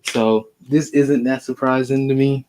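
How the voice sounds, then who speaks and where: A man co-hosting a casual sports podcast, giving slow, matter-of-fact opinions. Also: mid-range voice, steady tone, darkish tone, a little hiss or hum. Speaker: podcast co-host.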